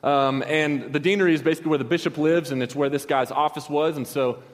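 Fast-talking pastor in a reverberant hall. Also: male voice, fairly high pitch, steady tone. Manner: casual, rambling, with slangy asides and many restarts. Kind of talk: storytelling sermon.

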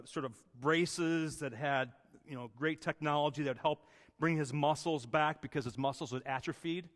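Pastor, male, slightly high voice; earnest conversational sermon delivery with a long hall reverb. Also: a bit bright. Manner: earnest, conversational preaching with restarts.

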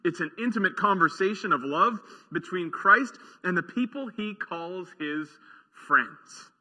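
A man delivers a sermon slowly and deliberately, his voice high and bright with a slightly husky edge. His phrases often fade softly at their ends. The sound rings with a long reverb, as in a church sanctuary. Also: expressive. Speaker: pastor.

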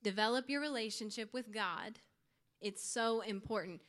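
A woman's voice: on the high side, moderate pace, fairly bright tone. A young woman giving an earnest, informal youth sermon to her church group, with light laughs. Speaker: youth speaker.

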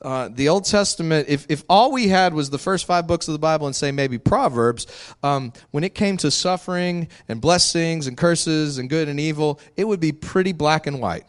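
A man's voice: on the high side, moderate pace. A male pastor preaching a sermon in a candid, conversational way, laughing often.

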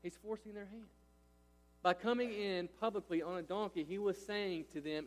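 Emphatic pastor preaching in a reverberant hall. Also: male voice, high-pitched, steady tone, moderate pace. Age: 30s. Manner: emphatic, repeats "right?" and "listen" to engage listeners. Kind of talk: sermon.

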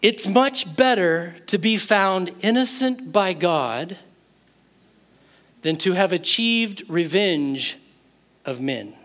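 Bright-voiced, animated male preacher. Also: sits high, slow pace. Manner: animated storytelling, acts out the king's and Daniel's words. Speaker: pastor. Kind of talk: sermon.

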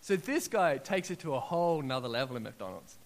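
A middle-aged Australian man preaching a sermon, telling personal testimonies and acting out what people said, building to loud, excited peaks. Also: medium pitch, brisk.

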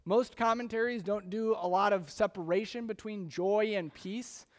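A man preaching a sermon in a conversational, animated storytelling way, acting out little scenes as he goes. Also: high voice, moderate pace. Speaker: pastor.

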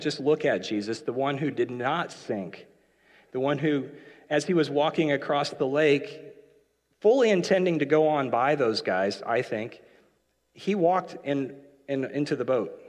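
A man's voice: mid-range voice, darkish tone. A man preaching a casual, conversational sermon with joking asides, now and then acting out quoted lines. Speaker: pastor. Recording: long hall reverb.

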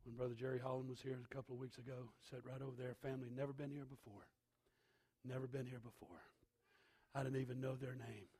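Gravelly, emphatic male preacher. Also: medium pitch. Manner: emphatic, swinging from shouts to hushed asides. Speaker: pastor. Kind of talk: sermon.

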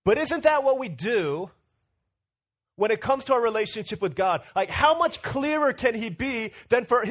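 A man's voice: very high-pitched, a bit bright. A male pastor preaching in a casual, storytelling way, acting out quotes and using lots of fillers. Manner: storytelling with playful acted-out quotes and many fillers. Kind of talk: casual sermon.

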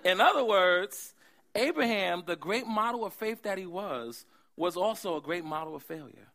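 A man preaching a sermon, animated, swinging from hushed asides to loud emphasis. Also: sits high, moderate pace. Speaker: pastor.

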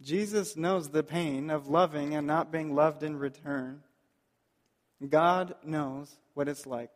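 A man preaching a sermon as pastor, earnest and pleading, slowing down to stress key points. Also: a little high, fairly even intonation, in a large hall. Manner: earnest, pleading, slows down for emphasis.

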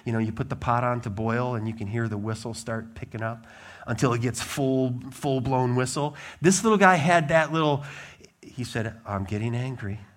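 A man preaching a sermon as a pastor, emphatic and blunt, with lively swings in his delivery. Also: medium pitch, normal speed.

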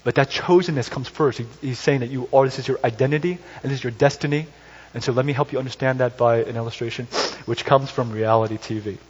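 A pastor preaches a conversational sermon, tossing in joking asides and correcting himself often. His mid-range voice has a breathy edge, and he talks quickly with few pauses. The recording is slightly dull, with faint hiss.

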